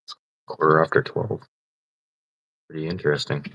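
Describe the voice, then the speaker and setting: A man's voice: a bass voice, steady tone, normal speed, vocal fry, dry recording, highs cut off. A man chatting casually on a livestream, often swearing, laughing and teasing. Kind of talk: casual live-stream chat.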